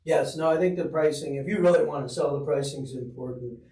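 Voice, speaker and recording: Veteran broker guest, fairly high-voiced man, relaxed and chatty, roomy sound with the mic set back. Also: quick pace, far from the mic. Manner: easygoing, filler-heavy. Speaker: real estate broker guest. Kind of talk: casual podcast conversation. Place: podcast studio.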